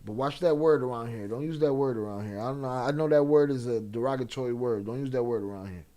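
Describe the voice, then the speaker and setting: A man's voice: mid-range voice, fast talker, dark tone. A man hosting a live stream, casually commenting and reading chat aloud in a blunt, profane way. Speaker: live-stream reaction host.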